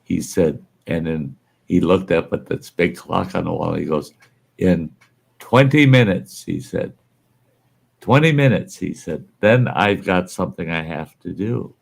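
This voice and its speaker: A man's voice: deep voice, steady tone, measured pace, creaky. A man hosting a casual chat, telling folksy anecdotes and laughing at his own stories. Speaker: podcast host.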